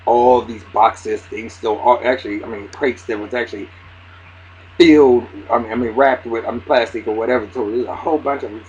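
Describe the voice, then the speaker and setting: This man's brisk, mid-range delivery drives an excitable, curse-heavy recap of a TV episode. He acts out what the characters say and restarts frequently, all on muffled lo-fi audio carrying a faint hiss.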